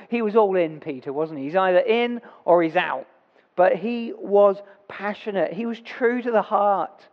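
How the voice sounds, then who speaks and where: A man's voice: high-pitched, moderate pace. A man preaching a sermon in a church, talking in a conversational way, correcting himself and reading scripture aloud. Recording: dull reverberant church recording.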